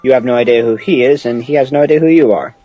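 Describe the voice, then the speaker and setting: A man co-commentating on a video game, cracking quick jokes about what happens on screen. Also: medium pitch, dark tone, faint music behind. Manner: wisecracking, reacts with quick jokes. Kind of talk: casual gameplay commentary. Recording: dull, dry lo-fi mic.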